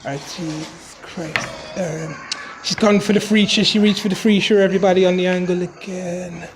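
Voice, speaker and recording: A man putting on a teasing narrator with a put-on Irish lilt, muttering wry asides over a quiet craft video. The recording carries a clear hiss of background noise. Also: sits high, fairly even intonation, moderate pace, lightly acted. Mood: amused. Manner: wry running commentary, chuckling, mutters "Jesus" a lot. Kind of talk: mock silent-movie voiceover.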